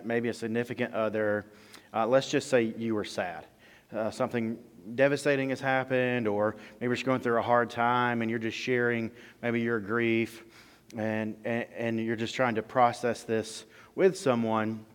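A man preaching a sermon in a relaxed, conversational way, acting out bits of everyday dialogue. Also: medium pitch. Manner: conversational, with playful mock quotes of dialogue. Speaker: pastor. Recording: long reverb of a large hall.

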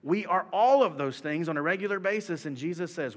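A man in his thirties preaching a sermon, animated and swinging from soft talk to shouting. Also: high-pitched, quick pace, hardly any pauses, slightly rough. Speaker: pastor. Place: church hall. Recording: long hall reverb.

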